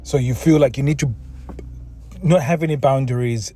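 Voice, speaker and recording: A man's voice: medium pitch, fairly even intonation, moderate pace, dark tone, no echo. A man hosting a solo podcast and talking earnestly. He sounds emotionally drained and often repeats words and restarts sentences. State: mentally exhausted, emotional. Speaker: podcast host, relationship coach.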